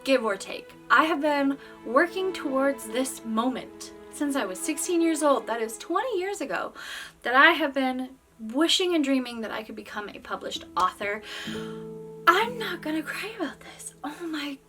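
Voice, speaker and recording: A woman in her thirties, an author chatting to her viewers in an excited, gushing way, in quick bursts. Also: high voice, far from the mic, soft background music. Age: 30s. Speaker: author and vlogger. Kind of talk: casual chat to camera.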